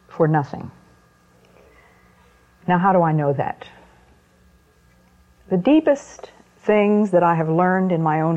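A woman with a lowish voice delivers a sermon talk at a measured pace, letting weighty pauses settle between her phrases. Her words come through a muffled, lo-fi recording. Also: darkish tone. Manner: slow, deliberate, with weighty pauses. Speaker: Christian speaker.

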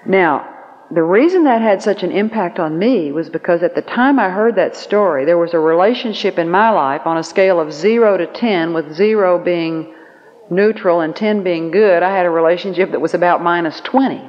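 A woman giving a Christian teaching message at a conference, telling stories in an earnest, measured way. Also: fairly low pitch. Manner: storytelling, earnest, slow emphatic phrasing. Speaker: conference speaker. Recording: lo-fi recording with long reverb.

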